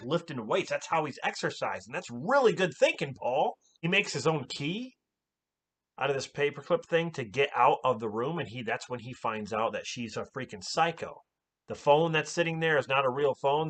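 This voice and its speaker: Man, casual movie recap, animated and exclaiming, swears a lot, very lively pitch. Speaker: movie reviewer.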